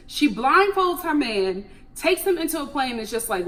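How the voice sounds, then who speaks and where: A young woman chatting animatedly through a TV recap, breaking into laughs and jumping high in pitch for emphasis. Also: lively intonation, normal speed, hardly any pauses, a bit bright. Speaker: TV recap vlogger.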